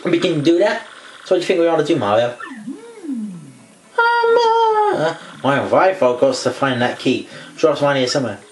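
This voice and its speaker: A man's voice: a little high, huge pitch swings, measured pace, roomy sound, low-quality recording. A man giving rambling, joking commentary over a video game. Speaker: gameplay commentator. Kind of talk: casual gameplay commentary.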